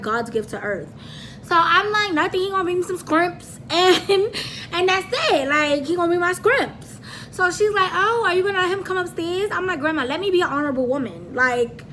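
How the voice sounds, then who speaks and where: Animated high-voiced young woman telling a story. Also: slight background noise. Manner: animated, dramatic retelling with acted-out quotes; slangy, frequent swearing. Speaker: vlogger. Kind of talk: casual storytime vlog.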